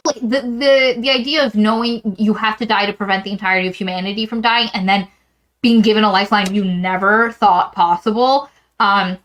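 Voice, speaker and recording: A woman co-hosting a book podcast, recapping a novel in a rambling, animated way and acting out quotes from it. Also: medium pitch, low-quality recording. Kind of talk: casual book discussion.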